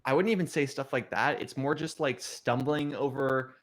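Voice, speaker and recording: A man chatting on a gaming podcast in a relaxed, self-deprecating way. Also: mid-range voice, moderate pace. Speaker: podcast guest. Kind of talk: casual chat.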